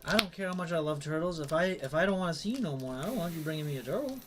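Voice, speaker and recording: A man's voice: fairly high pitch, lively intonation, racing, fairly bright tone. A man in casual chat, giving short replies and wry asides to a storyteller. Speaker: co-host listening. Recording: noisy background.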